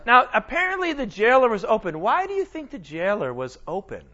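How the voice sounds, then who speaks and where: A man teaching a Bible lesson in a casual, animated sermon style, often asking his listeners questions. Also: sits high, fairly quick, highs cut off. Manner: animated, conversational, asks the audience questions.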